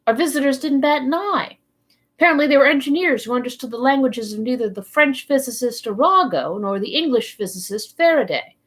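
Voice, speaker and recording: A woman reading a novel aloud for a library program, narrating in the first person with expressive delivery. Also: high voice, fairly quick, slightly rough. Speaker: library storytime reader.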